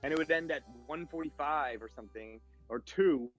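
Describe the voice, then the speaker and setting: A man, a guest on a podcast, telling stories in a casual, animated way and acting out the voices of other people. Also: fairly high pitch, moderate pace, soft background music. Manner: animated storyteller, acts out voices in quotes. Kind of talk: casual storytelling chat.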